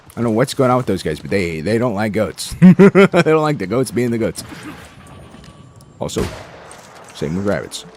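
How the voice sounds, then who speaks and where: A man giving casual, excitable commentary while playing a game, joking and talking to himself and the game. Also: on the low side, slight background noise. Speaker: gameplay streamer.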